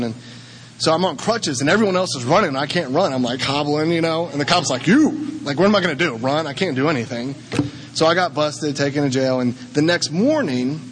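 A man's voice: on the high side, slight background noise, rough recording. A young man telling his own story of drinking and its consequences, rambling and self-deprecating, often acting out what others said. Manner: rambling, self-deprecating, acts out quoted voices. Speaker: recovering alcoholic sharing his story. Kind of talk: candid personal testimony.

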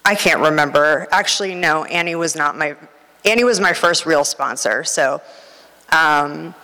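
Bright-voiced woman sharing her story in a hall. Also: deep voice, unhurried. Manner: candid, rambling, many fillers. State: nervous, near tears. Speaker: speaker at a recovery meeting. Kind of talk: personal testimony share. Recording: reverberant hall.

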